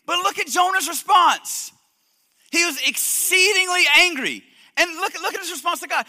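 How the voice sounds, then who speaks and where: A man preaching a sermon in an emphatic, animated way, stumbling and repeating words as he builds his points, in a church hall. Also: very high voice, normal speed. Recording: echoey hall reverb.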